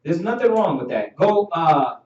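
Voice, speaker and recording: A man with a fairly high voice preaches in an animated, laughing way as he leads a Bible class. He sounds distant from the microphone, and the muffled, dull audio carries heavy room echo. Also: normal speed. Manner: animated, laughing, calls for verses.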